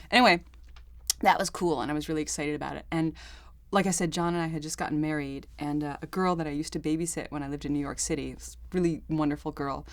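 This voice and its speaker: A woman actress telling behind-the-scenes stories in a chatty, animated interview, often laughing. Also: low voice, no echo. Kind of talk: casual interview anecdotes.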